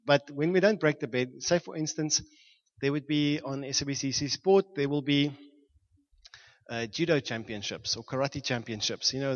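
A man from Johannesburg, preaching a storytelling sermon and acting out shouts and sound effects with frequent laughter. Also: medium pitch, muffled recording. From South Africa, Johannesburg.

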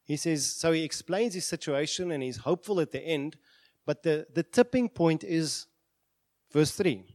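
A man's voice: a little high, expressive, moderate pace, darkish tone, no room sound. A man preaching a sermon with passion, voicing prayers aloud. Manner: impassioned, acts out prayers aloud. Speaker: pastor.

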